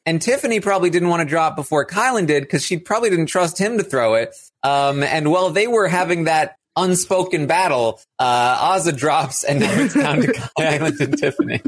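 A man's voice: fairly high pitch, animated, normal speed. Male co-host, loose and chatty, explains strategy, laughs often. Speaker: podcast co-host. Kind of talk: casual live-stream recap chat.

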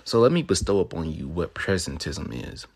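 Low gravelly husky-voiced podcast host. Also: male voice, very animated, a little fast, a little mellow. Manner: swaggering, rambling, with crude humor and mock-lecturing asides. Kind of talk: profane solo podcast monologue.

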